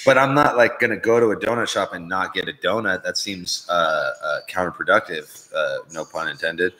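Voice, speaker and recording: A man's voice: deep voice, moderate pace, pushed and bright, rough recording. A man hosting a live-stream show, chatting casually in a profane, rambling, jokey way. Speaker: podcast host.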